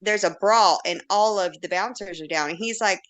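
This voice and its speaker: Blunt, animated woman telling stories. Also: medium pitch, normal speed. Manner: animated, acts out quotes, laughs often; blunt and candid. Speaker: podcast guest. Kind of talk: casual storytelling chat.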